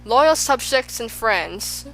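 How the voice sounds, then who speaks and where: A woman's voice: a little high, expressive, slow, a bit bright, a little hiss or hum, exaggerated voice, poor audio. A woman voicing a grand but gloomy king in an audiobook, who gives royal commands and sighs over his troubles. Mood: commanding. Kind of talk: audiobook character voice.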